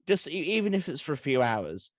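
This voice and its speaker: Fast-talking man telling history stories. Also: a little high, sing-song, no echo. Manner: quick, eager storytelling. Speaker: podcast co-host. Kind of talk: casual history chat.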